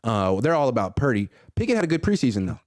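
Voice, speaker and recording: Lively man in his thirties hosting sports chat. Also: mid-range voice, fast, dry recording, clean studio sound. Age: 30s. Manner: animated, jokey, acts out quotes. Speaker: podcast host.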